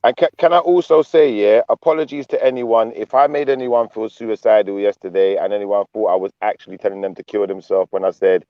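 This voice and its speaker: A man's voice: fairly low pitch, steady tone, fairly quick, few pauses, dry recording, lo-fi sound. A man hosting a live panel stream, chatty and joking, drifting into talk about the Bible. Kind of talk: casual panel chat.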